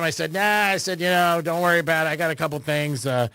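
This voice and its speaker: Bright-voiced male radio host. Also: on the high side, fairly even intonation, fast talker, clear, resonant tone, no echo. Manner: chatty, self-mocking storyteller. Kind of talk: radio interview chat.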